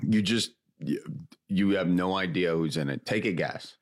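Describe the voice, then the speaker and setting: A man's voice: sits low, normal speed. A man co-hosting a casual chat, curious and teasing, firing off questions. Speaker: podcast co-host.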